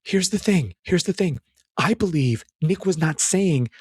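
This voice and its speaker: A man's voice: a little high, expressive, measured pace, a little mellow, husky, no echo, studio quality. A man giving a casual, earnest commentary on a film scene, emphatic and full of restarts.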